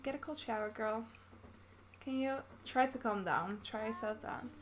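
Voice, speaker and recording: A woman's voice: on the high side, moderate pace, a little hiss or hum. A woman from the Netherlands giving casual commentary as she plays a life-sim game, chatting through each action. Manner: chatty, narrating her own game actions. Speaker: gaming YouTuber. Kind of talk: casual Let's Play commentary.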